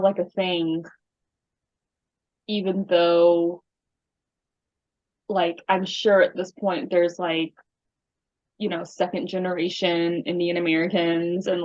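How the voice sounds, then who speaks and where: Lowish woman host on a dull lo-fi mic. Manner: chatty, encouraging, frequent backchannels. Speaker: podcast host. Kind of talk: casual conversation. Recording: dull lo-fi recording.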